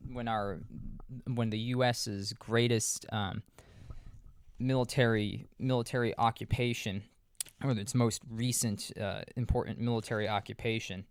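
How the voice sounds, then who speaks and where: A lowish, smooth and resonant man talking into a close mic in a dry room. He recaps a movie casually, rambling, circling back and restarting his sentences, dropping the odd swear. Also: no echo. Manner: rambling, many restarts and fillers, profane asides. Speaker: podcast host.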